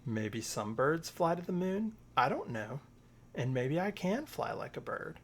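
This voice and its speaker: A man reading a storybook aloud, voicing an eager, excitable little bear cub. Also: fairly high pitch, measured pace, heavily acted. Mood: determined.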